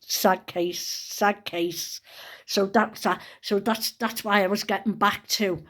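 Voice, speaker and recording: This older woman vlogger tells rambling stories in a casual, chatty monologue salted with plenty of swearing. Her pitch is medium and her tone steady and fairly bright, and she takes her time.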